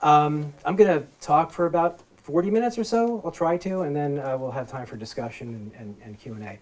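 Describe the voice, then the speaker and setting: A man's voice: on the high side, lively intonation, brisk. A man, a law professor, giving a public lecture through a microphone, explaining things plainly and informally for laypeople. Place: event space with a live audience.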